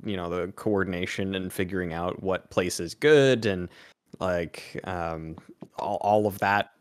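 A man's voice: low-pitched, a little slow, smooth, no room sound, clean studio sound. A man co-hosting a podcast, talking casually and rambling with lots of fillers. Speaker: podcast co-host.

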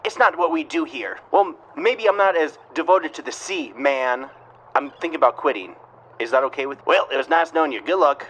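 A man's voice: on the high side, fairly quick, a little hiss or hum, rough recording. A man improvising goofy, jumpy dialogue over an old film in a comedy dub. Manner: goofy, jumping between voices, shouting exclamations. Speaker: comedy dubber.

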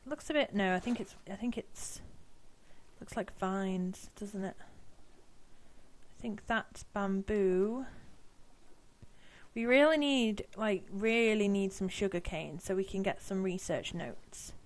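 A woman's voice: medium pitch, takes it slowly. A young woman giving casual gameplay commentary, chatty and self-mocking, talking to the animals on screen. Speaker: let's-play host.

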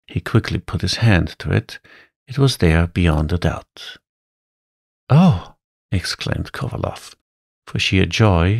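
Deep gravelly man reading a bedtime story. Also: no echo, studio quality. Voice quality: soft, soothing, gravelly.

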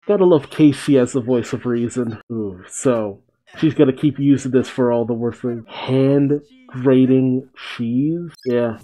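A man with a mellow, warm-toned voice talks casually through a reaction video. He gives running commentary on a cartoon, full of quick exclamations and gasps. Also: medium pitch, animated. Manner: exclamatory, quick gasps and chuckles between remarks.

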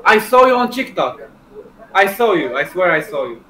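A man's voice: sits high, very animated, moderate pace, sharp tone, reverberant, a little hiss or hum, rough recording. A man chatting with a stranger over video chat, rambling and backpedaling. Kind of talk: casual chat.

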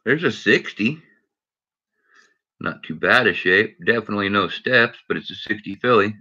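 A man's voice: on the low side, moderate pace, sharp tone, slightly rough, dull audio. A man hosting a casual home live stream, chatting to viewers and greeting them by name as he searches coin rolls. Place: indoors at home.

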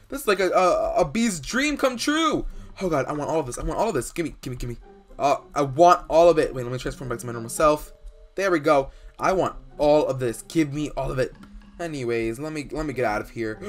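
A young man doing dramatic Minecraft role-play commentary, excitable and rambling with fillers, bursting into loud outbursts. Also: medium pitch. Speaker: YouTuber playing a bee in Minecraft. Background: faint background music.

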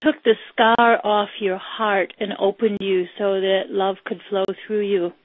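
A woman interviewer asks gentle, reflective questions. Her voice sits in the middle range. The recording is dull and dry. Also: mid-range voice, level tone, a little slow, no room sound.

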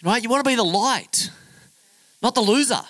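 Animated, bright-voiced pastor. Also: male voice, extremely high pitch, normal speed, dry recording, poor audio. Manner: chatty, humorous, animated storyteller acting out voices. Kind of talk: sermon with storytelling.

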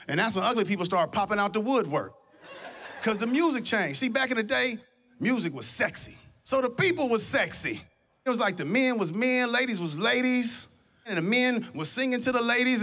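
A male stand-up comedian on a comedy stage, telling stories in an animated, conversational way into a handheld mic. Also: sits high, creaky, a little hiss or hum. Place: comedy stage before an audience.

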